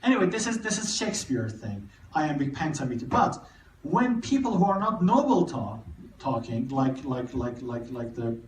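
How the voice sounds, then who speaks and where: A man giving a live literature lecture, talking haltingly with many repeated words and restarts. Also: mid-range voice, very animated, a little hiss or hum. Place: cinema hall. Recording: echoey room, mic far off.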